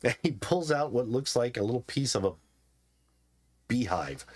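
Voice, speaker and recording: A man narrating a tabletop game as its game master, playful and chatty. His voice sits at a middling pitch but swings widely, animated from line to line. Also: normal speed.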